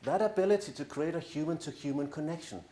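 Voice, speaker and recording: A middle-aged man's warm, high-leaning voice moves fast as he presents to an audience as a coach. Earnest, persuasive and a little self-mocking, he speaks in a large room with audible echo.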